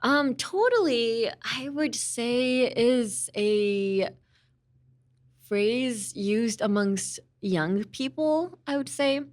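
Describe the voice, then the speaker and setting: A young woman from Los Angeles, USA, speaks with a fairly high voice, lively intonation and drawn-out words, with no room sound. As a language teacher and host, she gives a chatty podcast lesson, switching easily between English and Japanese and explaining through examples.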